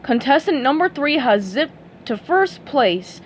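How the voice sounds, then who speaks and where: A woman's voice: sits high, very animated, measured pace, a little hiss or hum, voice pushed up. A woman voicing a showy male fish announcer on a game show in a storybook reading. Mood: announcing.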